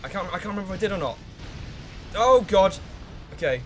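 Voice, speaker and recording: Excitable swearing gamer with lively pitch. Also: male voice, brisk, slight background noise. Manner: excitable, swears freely, hums while thinking, talks to game characters. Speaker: let's play gamer. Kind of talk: live gameplay commentary.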